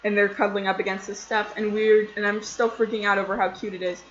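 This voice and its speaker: A young woman tells a casual storytime tale in a chatty, excitable way, full of "like"s. She has a mid-range voice. The sound is slightly dull and comes with a roomy echo. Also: medium pitch, fast talker. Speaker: vlogger.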